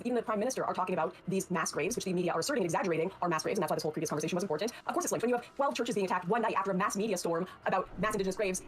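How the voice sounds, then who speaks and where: A woman making an insistent, emphatic point in an online debate. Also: mid-range voice. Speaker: debate participant.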